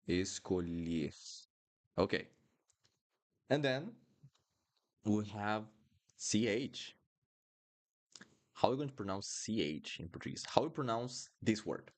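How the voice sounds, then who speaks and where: A man teaching pronunciation in a live lesson, repeating each word several times for students to copy. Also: lowish voice. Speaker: Portuguese teacher. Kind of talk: live online language lesson.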